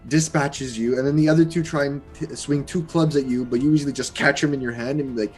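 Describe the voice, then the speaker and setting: A man's voice: mid-range voice, fairly even intonation, fast, over loud music. A man narrating a tabletop game as game master in a casual, laughing way. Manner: casual, laughing, gestures as he describes.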